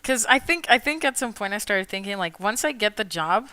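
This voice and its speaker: A woman's voice: medium pitch, expressive, brisk, clean tone, no echo. A woman streaming her drawing, chatting casually, swearing freely and laughing a lot as she rants in mock outrage. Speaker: artist streaming while drawing. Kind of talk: casual chat. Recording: soft music behind the voice.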